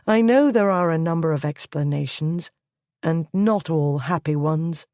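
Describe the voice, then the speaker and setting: A narrator voicing a sharp-witted, impatient young lady who speaks in a brisk, pointed way. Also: mid-range voice, dry recording, studio quality, lightly acted.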